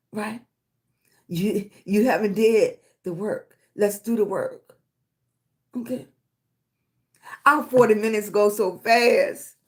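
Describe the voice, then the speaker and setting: A middle-aged woman from Virginia, USA, with a medium-pitched, slightly mellow voice hosts a livestream. She gives encouragement and greets viewers warmly by name, calling them baby and sweetie. She keeps tossing in "right?" as she motivates her audience.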